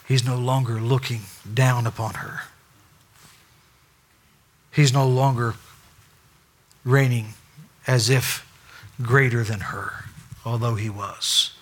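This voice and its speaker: A male pastor preaching a sermon, swinging between loud, acted-out dialogue and hushed asides. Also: mid-range voice, fairly even intonation, slow pace, pauses often.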